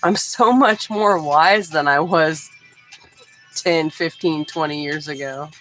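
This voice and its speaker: A woman in her forties from Houston, Texas, hosts a livestream, speaking slowly in a low voice over faint background music in a low-quality recording. She's relaxed and chatty, talking casually and directly to her chat.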